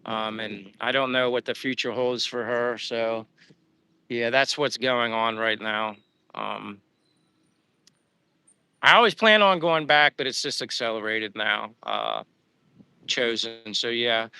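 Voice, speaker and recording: A man's voice: mid-range voice, sharp tone, a little hiss or hum. A man chatting casually on a live stream, rambling with many fillers as he answers viewers. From United States. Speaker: vlogger reading live chat. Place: outdoors while walking.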